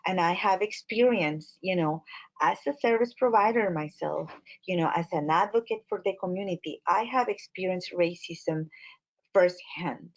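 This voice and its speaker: A woman with a Latin American Spanish accent, a Spanish speaker, giving a training talk as an immigrant advocate, expressive and full of fillers. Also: on the low side, moderate pace. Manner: expressive, animated storytelling with many fillers. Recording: muffled lo-fi audio.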